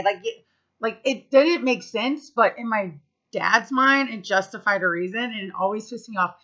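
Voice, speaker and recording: Vlogger, woman, 30s, from the US; bright, punchy voice, casual and profane, slightly muffled audio. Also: mid-range voice, fairly quick. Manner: chatty, profane, full of fillers. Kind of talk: casual storytelling to camera.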